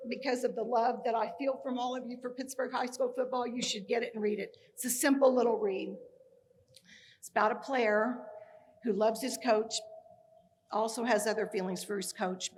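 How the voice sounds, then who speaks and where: A middle-aged woman from Kansas, USA, delivers a personal tribute speech at a ceremony, packed with funny stories and acted-out dialogue. Her voice is on the high side, with slight background noise.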